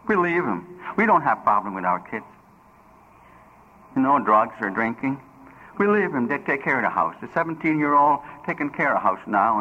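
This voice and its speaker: An older man shares his life story at a recovery meeting, joking and plain-spoken with loose grammar. His pitch rises and falls with animation. The recording is dull and lo-fi. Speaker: recovery speaker. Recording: dull lo-fi recording with faint noise.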